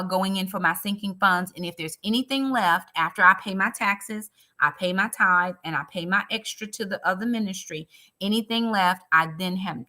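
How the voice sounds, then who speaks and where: A woman's voice: on the low side, pushed and bright. A woman chatting casually on a budgeting live stream, earnest, speaking straight to her viewers and emotional about her faith.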